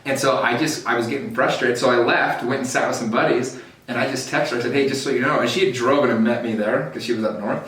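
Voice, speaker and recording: A man's voice: medium pitch, fairly even intonation, quick pace, a bit bright, recorded from a distance. A man hosting a podcast speaks in a candid, chatty way, with many fillers. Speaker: podcast host. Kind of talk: casual chat. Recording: echoey room, voice away from the mic.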